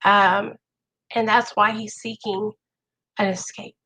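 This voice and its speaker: A woman's voice: medium pitch, flat delivery, slow, sharp tone, low-quality recording. A woman talking to camera in a casual, earnest way, coaching viewers through recovery, often checking in with "okay?" and many "like" fillers. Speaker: vlogger sharing recovery advice. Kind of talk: casual advice talk to camera.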